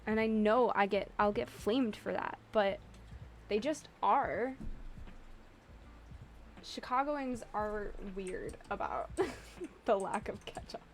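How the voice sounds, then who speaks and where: Young midwest gal streaming, slow easy chatter, giggles a lot, says like constantly. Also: female voice, medium pitch, slight background noise. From Illinois, US Midwest. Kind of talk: casual live-stream chat with viewers.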